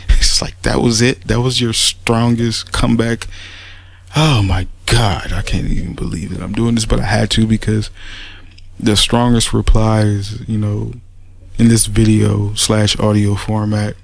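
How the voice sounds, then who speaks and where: A man's voice: lowish voice, gravelly, dry recording. A man giving a mocking, rambling spoken rebuttal, sarcastic and full of restarts. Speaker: commentator making a response audio.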